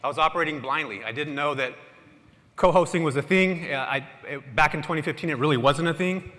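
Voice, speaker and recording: Brief: upbeat male conference speaker, quick and bright, slightly high voice, big hall reverb. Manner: energetic, casual, quizzes the crowd. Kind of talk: motivational talk to a live audience. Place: large hall with audience. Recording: echoey hall with long reverb.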